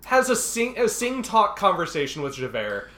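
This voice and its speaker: A man co-hosting a casual podcast, recapping a movie with jokes and quick put-on character lines. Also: high voice, reverberant. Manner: animated, jokey, acts out characters in quick bits. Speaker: podcast co-host.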